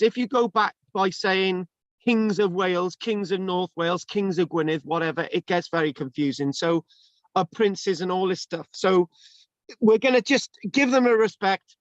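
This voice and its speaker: A man with a high voice runs an online history class, teasing his students and tripping over his words as he rambles on. the sound is dry and a bit dull, like a video call. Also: fairly bright tone, dry recording. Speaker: history lecturer.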